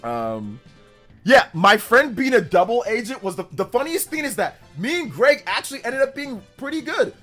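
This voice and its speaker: A man in his thirties, hosting a livestream and telling a childhood story in a casual, animated way. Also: very high voice, moderate pace, soft background music. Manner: animated, with exaggerated voices for quoted people. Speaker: livestream host.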